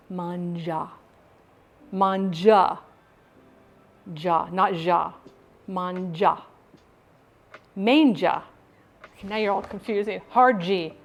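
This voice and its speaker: A woman's voice: medium pitch, a little mellow. A middle-aged woman chatting casually on a live stream, upbeat and talkative, often breaking into laughs.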